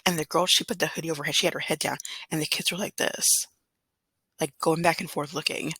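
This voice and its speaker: A woman from Southern California chats casually about her work as a substitute teacher. Her voice is bright and slightly husky, and she rambles with plenty of fillers. The sound is dry and close. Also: sits low, fairly even intonation, fast talker, dry recording. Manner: chatty, rambling, with fillers and throat clearing. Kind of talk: casual storytelling vlog.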